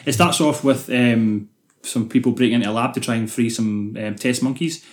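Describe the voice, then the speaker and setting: Scottish man, podcast co-host, rambling sweary storyteller, middle pitch. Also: fairly even intonation, normal speed, darkish tone, roomy sound. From Scotland. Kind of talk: casual chat.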